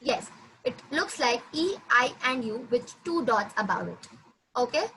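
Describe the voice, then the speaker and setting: High, bright woman teaching. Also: lively intonation, slight background noise, low-quality recording. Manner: patient, repeats words slowly for the student. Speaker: French teacher. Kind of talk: classroom language lesson.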